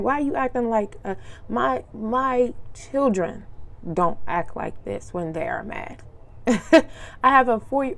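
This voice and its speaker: A woman's voice: lowish voice, vocal fry. A young adult woman hosting a solo podcast, talking casually in slangy speech, telling personal stories and acting out what people said. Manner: chatty storyteller, acts out quotes, laughs often. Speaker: podcast host.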